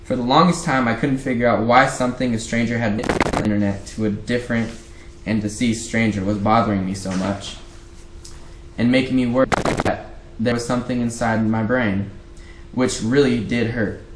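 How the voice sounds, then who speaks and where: Young guy reading a book out loud on a stream, stops and rereads, echoey room, noisy. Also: medium pitch, fairly even intonation. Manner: halting, restarting and rereading lines. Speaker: livestream host reading a novel aloud. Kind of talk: casual read-aloud on a livestream. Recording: echoey room, background noise.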